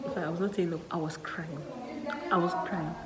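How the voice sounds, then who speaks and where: A young woman with a Nigerian accent, chatting to her vlog audience about her day. Her voice sits a little low for a woman, and she tells the story in a lively, animated way. She drops in local slang as she talks. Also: brisk, poor audio. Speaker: student nurse vlogger. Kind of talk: casual storytelling to camera.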